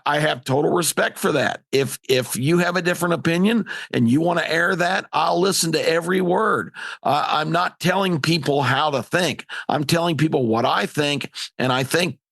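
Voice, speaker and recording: A man's voice: fairly high pitch, gravelly, fairly bright tone, no room sound, clean studio sound. A man hosting talk radio, delivering an emphatic, indignant opinion monologue.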